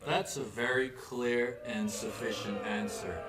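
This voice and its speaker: Ein männlicher Moderator, der verspielt neckende, absurde Fragen stellt, aufgenommen in einem halligen Raum mit fernem Mikrofon und Musik dahinter. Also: male voice, medium pitch, steady tone, measured pace, echoey room, recorded from a distance, over music. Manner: teasing, odd questions. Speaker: host. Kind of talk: playful absurd interview.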